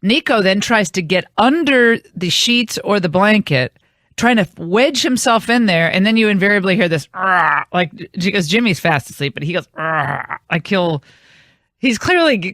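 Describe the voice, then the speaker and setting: A woman's voice: mid-range voice, lively intonation, normal speed, fairly bright tone, no room sound, studio quality. A woman hosting a radio talk show, telling a long rambling anecdote in casual on-air chat. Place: radio studio.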